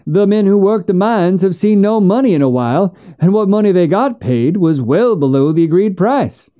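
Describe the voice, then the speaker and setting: A man's voice: high-pitched, lively intonation, moderate pace, highs cut off, voice pushed up. A man voicing a nervous frontier townsman who stammers and hesitates. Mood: hesitant.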